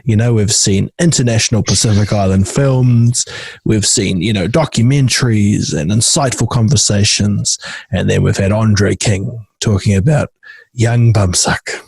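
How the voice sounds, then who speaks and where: A man's voice: fairly low pitch, unhurried, creaky, a little mellow, slightly rough, no echo. A man hosting a casual interview, encouraging and prompting his guest. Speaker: podcast host.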